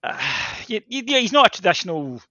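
A man's voice: high voice, fairly quick, no room sound. A man, co-hosting a football podcast in casual chat, animatedly retelling what players and managers said. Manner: animated storytelling, acts out quotes. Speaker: podcast co-host, football journalist. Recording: dry, slightly dull podcast mic.

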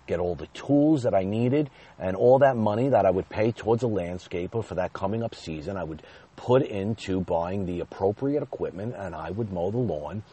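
A man's voice: lowish voice, dark tone, slightly rough. A man in his thirties telling a personal story in a candid, confessional way, rambling at times.

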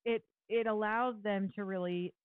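Woman podcast host, mid pitch, relaxed and reflective, dry tinny phone-line sound. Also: moderate pace, no echo. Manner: relaxed, thoughtful, with soft affirmations. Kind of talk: casual parenting chat.

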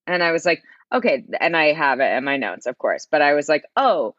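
A woman co-hosting a chatty podcast, her voice low but swinging widely in pitch as she talks. She sounds animated and emphatic and laughs easily. The recording is dry and a little dull in tone. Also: a little fast, no echo. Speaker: podcast co-host. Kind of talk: casual chat. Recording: slightly dull dry mic.

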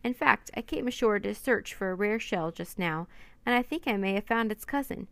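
A woman voicing a polite Victorian gentleman scientist. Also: mid-range voice, expressive, normal speed, vocal fry, no echo. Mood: courteous. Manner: formal and courteous.

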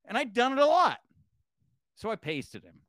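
Cursing freely and acting out quotes with wide pitch swings, a former wrestling manager spins an animated story as a podcast guest. The young man's pitch swoops wildly at a moderate pace, his tone is a bit bright, and there's a little hiss or hum.

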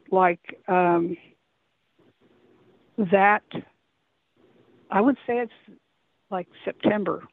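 This caller phones in to recount an encounter at length, rambling and hesitant and often starting over. Her medium-pitched voice is gravelly, carried on a tinny, dry telephone line with no echo.

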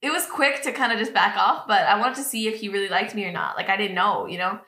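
A woman's voice: mid-range voice, quick pace. A young woman in casual chat, animatedly retelling a story and acting out what people said. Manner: animated, laughing storyteller who acts out quotes. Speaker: guest, girlfriend. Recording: echoey room.

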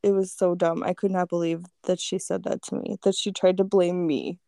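A woman with a gravelly, fry-tinged voice tells a story in relaxed, casual chat. Her tone is mellow and dark, and it is recorded dry and close. She swears freely and fills her lines with "like.". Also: fairly low pitch, normal speed, no echo. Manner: laid-back, swears freely, lots of "like".

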